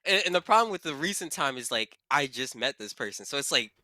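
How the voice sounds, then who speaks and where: Young man from Baltimore, lively bright chatter. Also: mid-range voice, fast, dry recording, clean studio sound. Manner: rambling, restarts, laughs often. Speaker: podcast co-host. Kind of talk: casual podcast chat.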